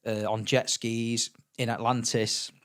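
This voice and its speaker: A middle-aged English podcast guest talks slowly in a mid-range voice during a casual chat. Animated as he tells stories, he performs the voices of the people in them and repeats words.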